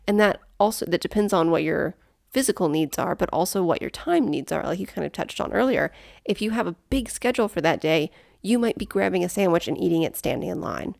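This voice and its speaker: A woman's voice: fairly low pitch, brisk, creaky, a little mellow, no room sound, studio quality. A woman co-hosting a podcast in casual chat, explaining practical points plainly. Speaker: podcast co-host.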